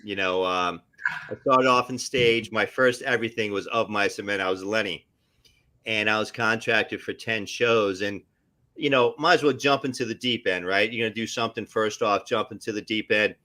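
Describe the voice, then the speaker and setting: A middle-aged man, an actor, telling stories casually on a live stream in an animated way. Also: fairly low pitch, moderate pace. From New Jersey area. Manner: animated, tells stories with voices and asides. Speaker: actor guest.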